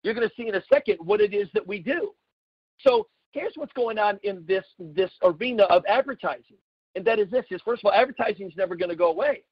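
A middle-aged man from the United States giving an emphatic, repetitive sales pitch with folksy asides. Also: lively intonation, quick pace, slightly rough, no echo. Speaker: network marketing presenter. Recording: dull lo-fi sound.

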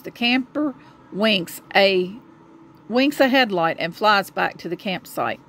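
A woman reading a children's storybook aloud to a child, gentle and expressive. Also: medium pitch, slight background noise.

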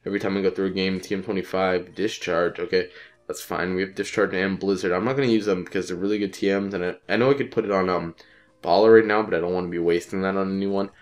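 A man's voice: sits low, steady tone, fast talker. A young man with a cold and a congested voice, giving casual, rambling and profane commentary while playing a game. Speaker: let's play commentator.

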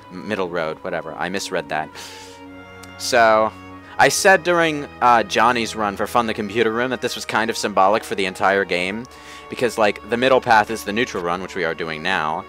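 A man hosting a let's play, making quick wry asides and dry jokes as he plays. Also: on the low side, animated, pushed and bright, faint music behind. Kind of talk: casual gameplay commentary.

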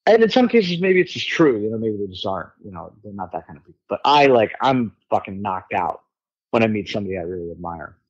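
A man's voice: fairly low pitch, very animated, fast talker, slightly rough, lo-fi sound. A middle-aged man, a musician guest on a podcast, telling stories in a candid, rambling way, swearing freely and using many fillers. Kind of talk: casual storytelling chat.

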